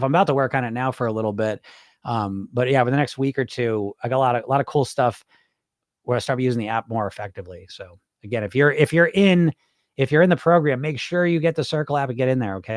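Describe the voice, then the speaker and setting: A man's voice: medium pitch, expressive, quick pace, no room sound, studio quality. A middle-aged man coaching on weight loss in a loose, rambling live-stream chat, swearing casually and restarting his sentences.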